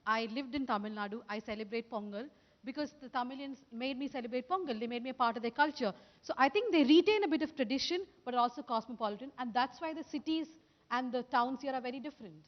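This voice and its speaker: Brief: fast, slightly high woman, reverberant dull hall. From Kerala. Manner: quick, eager, repeats herself. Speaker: panelist.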